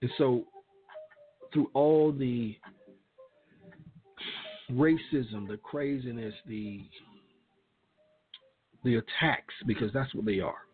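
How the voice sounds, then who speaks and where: A man's voice: medium pitch, husky. Emphatic man on a tinny phone line. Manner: emphatic, repeats phrases for emphasis. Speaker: show host. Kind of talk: impassioned commentary.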